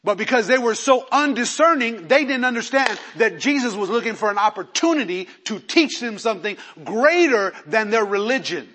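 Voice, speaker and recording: A man preaching to his congregation in a high, bright voice. He moves between slow, loud emphasis and hushed, quick asides, and he acts out the people he quotes. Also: lively intonation. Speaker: pastor. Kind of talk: sermon.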